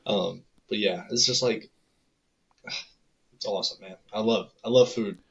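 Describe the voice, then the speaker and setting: A man's voice: on the low side, fairly even intonation, unhurried, creaky. A young man in casual podcast chat, telling stories in a laid-back way with lots of fillers. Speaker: podcast co-host. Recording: dull lo-fi mic.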